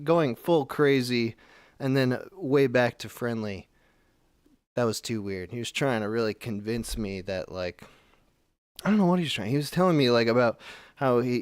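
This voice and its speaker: A man's voice: mid-range voice, smooth, no room sound, studio quality. A man calling in to a talk show, telling a story in a rambling, casual way with many restarts. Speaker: caller.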